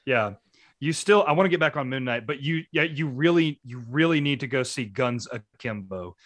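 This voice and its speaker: A man with a bright, forward voice chats about movies, agreeing readily and pushing his picks with eagerness. The sound is close and dry. His pitch stays in an ordinary middle range. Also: expressive, dry recording. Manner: agreeable, quick affirmations, eager recommendations. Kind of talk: casual movie chat.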